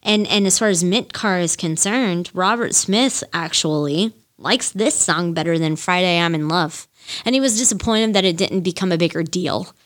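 A woman in her thirties hosts a casual solo podcast on music, speaking at a moderate pace in a fairly low voice. She rambles and gushes, using lots of fillers and swearing now and then.

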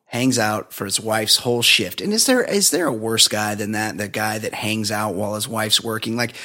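A man's voice: medium pitch, fairly bright tone. A man co-hosting a podcast, chatting loosely about a movie. He is sarcastic and profane and laughs often. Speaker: podcast co-host. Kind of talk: casual movie review chat.

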